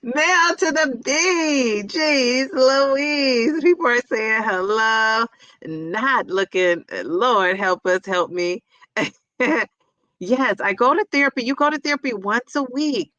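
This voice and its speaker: A woman's voice: mid-range voice, bright, forceful tone, no room sound, lo-fi sound. A woman hosting a casual livestream, chatting and reading viewer comments aloud, often repeating them back with a laugh.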